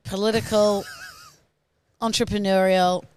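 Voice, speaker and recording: A woman's voice: mid-range voice, level tone, slow, darkish tone, a little hiss or hum. A woman co-hosting a podcast, teasing her partner with dry jokes. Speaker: podcast co-host. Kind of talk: casual chat.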